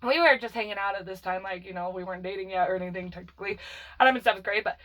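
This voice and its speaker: A woman's voice: mid-range voice, very fast, fairly bright tone. A woman telling a personal story in a casual, blunt, profane way, rambling with fillers. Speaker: vlogger telling her life story.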